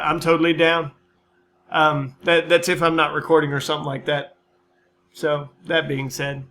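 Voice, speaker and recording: A man with a fairly high, forceful, bright voice talks loosely over his own gameplay and channel news. He rambles, mocks his own play and swears freely, in an easy, casual manner. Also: a little hiss or hum. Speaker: gaming channel host. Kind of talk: casual let's-play commentary and channel update.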